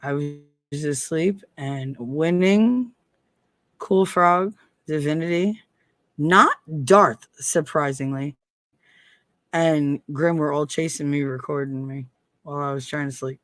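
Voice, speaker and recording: A woman's voice: deep voice, takes it slowly, a bit bright, dry recording. A middle-aged woman in casual livestream chat, blunt and profane, laughing often.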